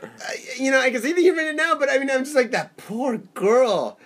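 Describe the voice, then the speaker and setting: A man with a notably high voice co-hosts a podcast in a casual chat. He teases and prods the storyteller, jumping in with quick questions. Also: steady tone, a bit bright. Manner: teasing, laughing, interjecting questions. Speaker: podcast co-host.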